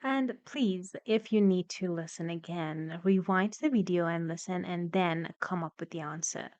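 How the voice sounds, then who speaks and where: A woman's voice: lowish voice, a little mellow, dry recording, muffled recording. A woman English teacher explaining a listening exercise in a video lesson, patient and encouraging. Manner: patient, encouraging, slightly halting.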